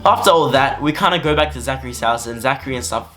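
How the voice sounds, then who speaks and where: A young man telling a storytime vlog story in an animated, slangy way. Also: mid-range voice, fast talker, faint music behind. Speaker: vlogger. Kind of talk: storytime narration.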